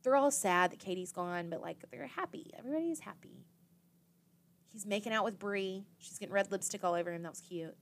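Brisk and mid-pitched, a young woman hosting a podcast chats her way through an episode recap. Fillers like "like" pile up, and she acts out quotes of people's reactions.

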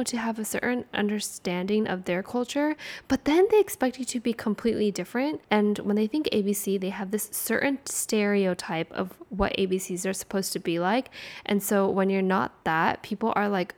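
Young woman, animated, casual chat, acts out quotes. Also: medium pitch, normal speed. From California, United States.

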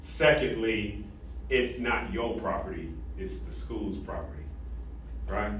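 A man's voice: on the low side, slow pace, far from the mic, a little hiss or hum. Echoey classroom lecture by a man. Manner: animated, asks the class questions, frequent "right?". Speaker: college ethics lecturer. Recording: echoey classroom recorded from afar.

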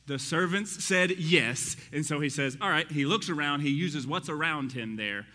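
Excitable high-voiced man teaching Scripture. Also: moderate pace, in a large hall. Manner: excitable, conversational, talks straight to the listeners. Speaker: Bible teacher. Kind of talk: animated Bible study teaching.

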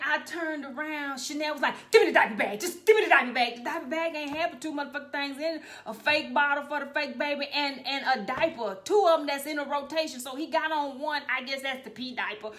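Loud, profane woman telling stories. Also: high-pitched, fairly quick. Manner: profane, animated, loud bursts. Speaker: parent telling a family story. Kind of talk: comedic storytelling.

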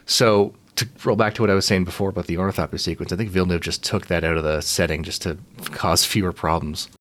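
A man co-hosting a podcast in casual chat, explaining lore with dry, deadpan asides. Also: deep voice, fast talker. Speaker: podcast co-host.

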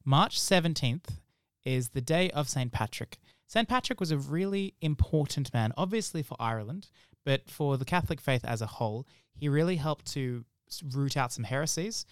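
A young man opens the show in an upbeat, chatty way. His voice is clear and smooth, and the recording is close and dry. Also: medium pitch, lively intonation, moderate pace, no echo. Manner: enthusiastic, conversational. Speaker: host. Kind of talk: casual introduction.

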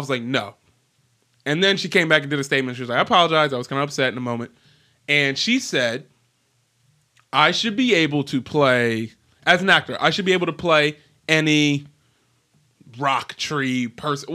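A man co-hosting a casual podcast chat, animated and laughing often. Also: on the high side. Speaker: podcast co-host.

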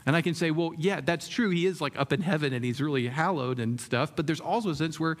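A man's voice: a little high, quick pace. A man preaching a sermon in a conversational way, often asking the room questions and using many fillers. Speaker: pastor.

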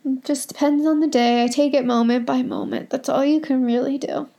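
A young woman talks through her solo podcast from home in a rambling, heartfelt, confessional way. Her voice sits a little high and keeps slipping into a gravelly fry. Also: brisk, mellow. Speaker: podcast host.

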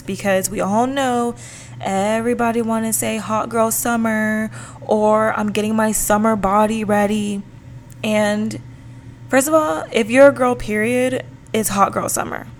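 A woman's voice: medium pitch, slight background noise. Chatty upbeat young woman podcaster. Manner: chatty and upbeat, with slangy asides. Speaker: podcast host. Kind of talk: casual solo podcast chat.

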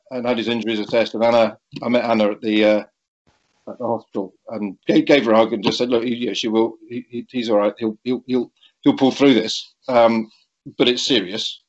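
A man's voice: mid-range voice, fairly even intonation. A middle-aged man telling a story in a conversational way, hesitant and full of restarts, often chuckling. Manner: halting, with frequent restarts and chuckles. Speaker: guest recounting a cycling accident. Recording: dull lo-fi recording.

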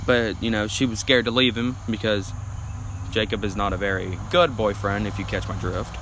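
Young male podcast guest, bright voice, loose rambling delivery full of fillers. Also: fairly low pitch, steady tone, moderate pace, slight background noise, rough recording. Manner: rambling storytelling with many fillers. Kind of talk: casual chat.

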